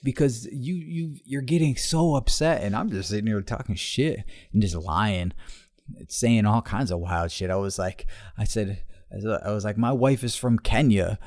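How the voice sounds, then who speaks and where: A man's voice: fairly low pitch, darkish tone, no echo, studio quality. A man in his thirties, a podcast host telling a story in casual, profane talk and laughing as he goes. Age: 30s. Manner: profane, laughing, fast retelling.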